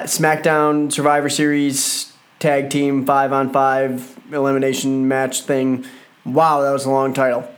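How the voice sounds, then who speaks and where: Man, higher-pitched voice, young adult, casual rambling review, exasperated, lots of uh's. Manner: exasperated, rambling, with frequent fillers. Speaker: wrestling show reviewer. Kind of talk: casual solo commentary.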